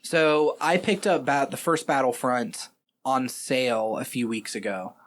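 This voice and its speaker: A man's voice: mid-range voice, measured pace. A man co-hosting a casual podcast, joking around and cursing now and then. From United States. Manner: joking, swearing, puts on mock English accent. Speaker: podcast co-host. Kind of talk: casual chat.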